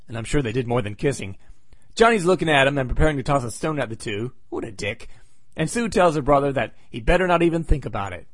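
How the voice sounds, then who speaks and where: Man, podcast host, casual comic recap, sarcastic asides, slightly high pitch, dry close sound. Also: dry recording.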